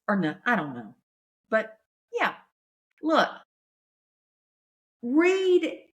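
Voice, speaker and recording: Chatty woman comedian. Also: a little high. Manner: chatty, folksy, animated. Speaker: comedian and podcast host. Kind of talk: casual chat.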